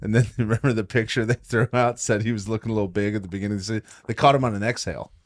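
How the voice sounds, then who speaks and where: A man co-hosting a podcast, chatting casually about football, swearing freely, laughing often and getting loud when excited. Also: on the low side, very fast, dry recording, clean studio sound. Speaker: podcast co-host. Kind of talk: casual sports chat.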